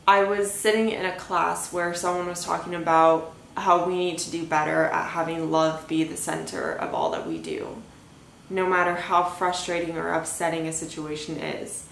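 A woman's voice: low voice, moderate pace, creaky. A young woman hosting a podcast, telling a story in a casual rambling way, full of "like" and "anyway". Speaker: podcast host. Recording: echoey room with faint hiss.

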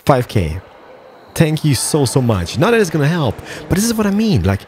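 A man playing a strategy game and chatting through it in a playful, excitable way, full of jokey asides. His voice jumps up and down a great deal. Light game music runs underneath. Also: a little high, moderate pace. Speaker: gameplay video host. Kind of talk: casual game commentary.

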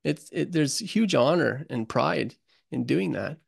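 A man's voice: fairly high pitch, animated, measured pace, gravelly, husky, no room sound, clean studio sound. A man guest on a podcast interview, telling stories in an earnest, emotional, casual way and calling the host buddy. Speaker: guest, construction author.

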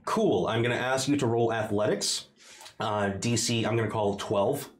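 A man narrating a tabletop game as dungeon master, describing the action in a halting way with many pauses. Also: lowish voice. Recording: roomy echoey room.

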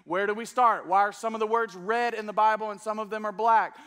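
A male pastor teaching a sermon to a church congregation. His voice sits high and rings bright and forceful. He talks with energy, coaxing the room to respond and join in. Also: steady tone, fairly quick, clean tone. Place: church service before a congregation.

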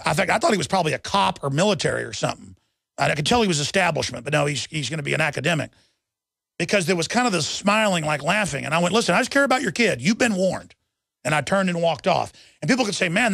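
A man's voice: sits high, vocal fry, a bit bright, no echo. A man hosting a talk radio show, delivering an urgent, rambling monologue full of restarts into a studio microphone.

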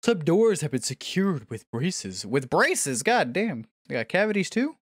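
Profane, lively young gaming streamer. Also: male voice, fairly high pitch, measured pace, background noise. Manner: loud, profane, jokey, swings between shouting and mutters. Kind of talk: let's play commentary.

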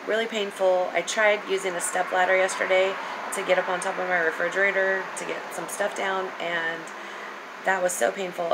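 A woman in her forties, a vlogger in casual chat to camera, slightly stuffy from a sinus infection, talking haltingly with many ums and pauses. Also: on the low side. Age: 40s. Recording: steady background noise.

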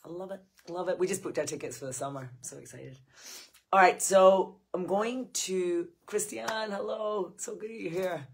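A woman from Scotland, hosting a casual livestream Q&A. Her voice is hoarse because she is losing it, and she greets viewers by name in a chatty, effusive way. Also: fairly low pitch. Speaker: screenwriting coach hosting a livestream Q&A.

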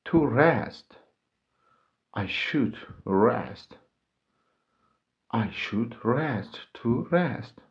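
Slow man drilling vocabulary. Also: medium pitch, animated, highs cut off. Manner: repeats each word and example sentence. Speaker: English teacher.

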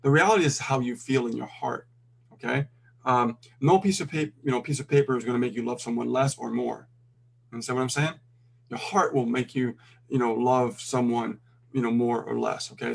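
A middle-aged man giving casual life advice, calm and full of "you know" and "okay" check-ins. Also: medium pitch, normal speed, gravelly, slight background noise. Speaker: co-host.

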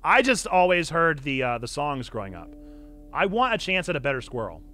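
A pastor giving excitable live-streamed gameplay commentary, now and then bursting into loud cheers. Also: male voice, fairly high pitch, a little fast, soft background music. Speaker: pastor streaming a video game.

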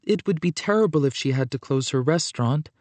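Man voicing a bright young girl. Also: on the high side, expressive, fairly quick, no echo, voice pushed up, lightly acted. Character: young girl, eager and kind.

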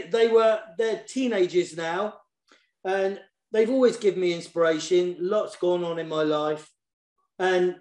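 This children's poet and author has a voice that sits high, heard in a reverberant space during a casual online session. Eager and warm, he keeps repeating words while searching for the next one.

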